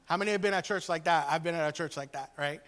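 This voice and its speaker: High-voiced preacher man in echoing hall. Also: quick pace, fairly bright tone. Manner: conversational preaching, acts out quoted voices. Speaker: pastor. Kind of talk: sermon. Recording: long hall reverb.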